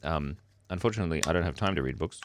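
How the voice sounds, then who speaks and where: A middle-aged man with an Australian accent chatting casually with viewers of his livestream at home, speaking quietly and laughing often. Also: extremely low pitch, racing, noisy background. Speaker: livestream host. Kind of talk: casual chat reading viewer comments. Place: home, early morning. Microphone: microphone worn near the beard.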